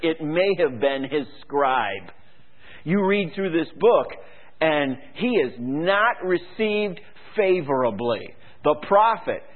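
A man preaching a sermon, reading scripture and urging listeners to repent, with emphatic delivery. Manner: emphatic, rises high when mimicking complacent people. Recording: phone-like lo-fi radio broadcast.

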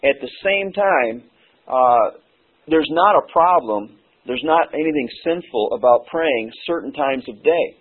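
A hoarse man preaching a sermon as pastor, earnest and halting, with many "uh" pauses. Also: mid-range voice, expressive. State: hoarse, losing his voice. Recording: tinny phone-like sermon recording.

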